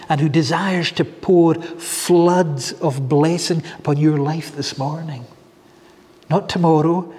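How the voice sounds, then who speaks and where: A man preaching in a church, his voice sitting a bit high for a man. He talks earnestly and repeats himself, stacking one phrase on the next. A long reverb trails behind every line. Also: darkish tone, a little hiss or hum. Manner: earnest, repetitive, building phrases. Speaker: pastor. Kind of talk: sermon.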